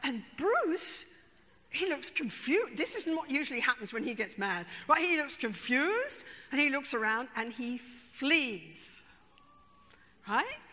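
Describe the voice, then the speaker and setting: A woman therapist tells an expressive story to a conference audience in a high, bright voice. She speaks slowly and with emphasis. A long reverb from the large hall trails behind her.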